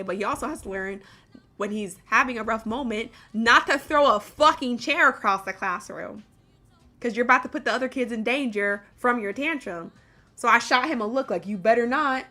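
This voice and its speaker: Woman host, young adult, profane casual storyteller, bright gravelly voice. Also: fairly high pitch. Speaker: streamer and debate host. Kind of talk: casual chat.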